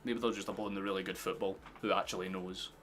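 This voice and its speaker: Low-voiced streamer, chatty and sweary. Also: male voice, little pitch movement, fairly bright tone, faint music behind. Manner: chatty, swearing, quick to laugh. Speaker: football watchalong streamer. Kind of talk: casual live match commentary. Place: home streaming setup with headphones.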